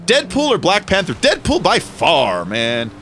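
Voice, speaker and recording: A man's voice: fairly high pitch, huge pitch swings, unhurried, fairly bright tone, slight background noise. A man hosting a game stream, chatting casually and joking, rambling and swearing freely. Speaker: streamer and host.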